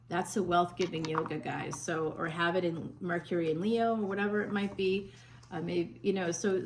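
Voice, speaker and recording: A woman psychic with a lowish voice gives a chatty, warm tarot reading full of endearments, fillers and restarts. Her Northern US accent drifts toward Southern, and the poor audio carries a little hiss or hum.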